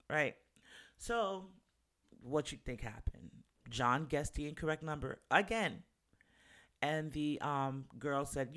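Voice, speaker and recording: A man's voice: medium pitch, expressive, normal speed, pushed and bright. A man in casual chat, animatedly retelling a reality show, acting out quotes in a raised voice with frequent fillers. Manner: frequent fillers like um and you know. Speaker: commentator recapping a reality show.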